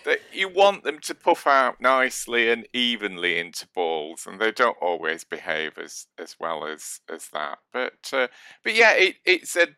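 A man's voice: mid-range voice, very animated, measured pace, sharp tone, clean tone, dry recording. A man co-hosting a baking podcast, chatting casually and trailing off with restarts. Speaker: podcast co-host, baker. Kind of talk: casual chat.

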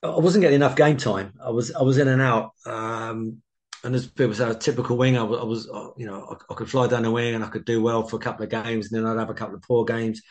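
A man's voice: mid-range voice, steady tone, fast, a little mellow. A man in his sixties, a former footballer, telling rambling anecdotes as a guest in a casual interview. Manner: rambling anecdotal storytelling, many restarts.

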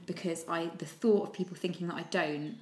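A woman's voice: lowish voice, fairly quick, slight background noise. A woman, a parenting blogger chatting casually and acting out stories with quoted voices. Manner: animated storyteller, acts out quotes, laughs often. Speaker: podcast host, parenting blogger. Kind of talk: casual chat. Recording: roomy echo.

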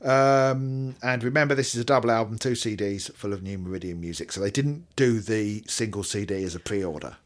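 A man's voice: lowish voice, a little fast, hardly any pauses. A British man in his fifties hosting a podcast, rambling and self-mocking, breaking into asides while reading aloud. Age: 50s. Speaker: podcast host. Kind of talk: casual chat.

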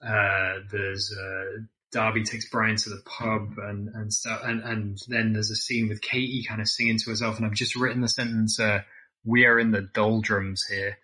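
A man from Scotland talks films in a relaxed, self-deprecating way, often restarting his sentences. His voice sits a little low yet sounds bright and forceful. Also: normal speed. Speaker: podcast co-host. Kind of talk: casual film podcast chat.

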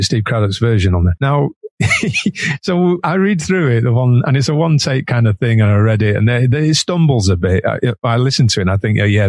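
A man with a Manchester accent spins an anecdote as a musician guest, chatty and quick to laugh between sentences. His voice sits low with a gravelly fry, and the sound is dry and close. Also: darkish tone, no echo. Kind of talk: anecdotal storytelling.

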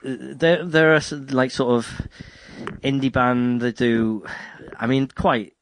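A man's voice: medium pitch, steady tone, takes it slowly, slight background noise. A man hosting a podcast, chatting casually about music in a rambling, jokey way that keeps breaking off and restarting. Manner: rambling, self-interrupting, jokey. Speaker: podcast host.

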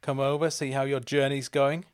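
A man's voice: mid-range voice, little pitch movement, moderate pace, clean tone, dry recording, clean studio sound, lightly acted. A man voicing a breezy, friendly young male storybook hero in a comic bit, talking in a casual, matey way. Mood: chummy.

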